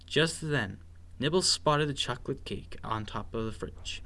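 A man reading a children's bedtime story aloud with expressive, sing-song narration. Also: mid-range voice, unhurried, gravelly.

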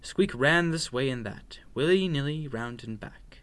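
A man reading a children's picture book aloud in an expressive, playful, sing-song way. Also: medium pitch, a little slow. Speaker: storyteller.

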